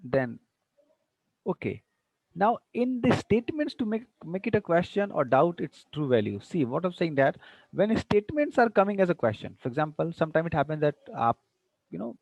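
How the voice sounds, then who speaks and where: A man's voice: on the high side, sing-song, moderate pace, no room sound, highs cut off. A man giving an online lecture, patiently explaining and repeating examples with exaggerated rising and falling tones. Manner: frequent "you know" and "see" fillers. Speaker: university English lecturer.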